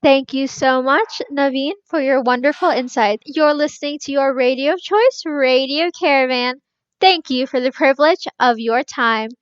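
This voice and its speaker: A woman's voice: high voice, moderate pace, dry recording, lo-fi sound. A woman hosting a radio show, introducing guests in a polished, gracious way. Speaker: radio host.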